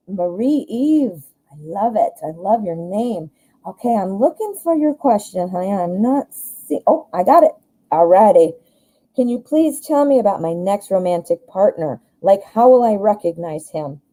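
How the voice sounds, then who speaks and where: A woman's voice: medium pitch, warm tone, low-quality recording. A woman with a Midwestern American accent hosting a live tarot reading, chatting casually and rambling enthusiastically with frequent restarts. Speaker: tarot reader, live show host.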